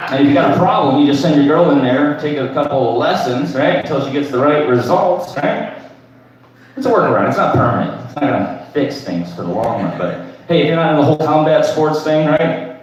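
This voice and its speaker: Thirties male comic, crude and rambling, slightly raised pitch, distant mic in a very echoey room. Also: expressive, a little fast, a little mellow, highs cut off, a little hiss or hum. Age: 30s. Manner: crude, rambling, tags lines with "right?". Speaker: stand-up comedian. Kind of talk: open mic stand-up. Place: comedy club stage.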